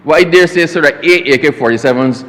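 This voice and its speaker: A man's voice: fairly high pitch, fast, a bit bright. A Barbadian man, a government minister, giving a formal parliamentary speech that keeps addressing the chair as sir and slips into folksy stories. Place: parliament chamber. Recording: long reverb of a parliament chamber.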